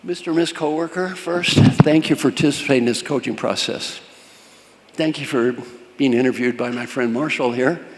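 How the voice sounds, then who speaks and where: An older man giving a leadership coaching talk to a live audience, with punchy, repeated instructions and questions thrown at the crowd. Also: medium pitch. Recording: long hall reverb, faint room noise.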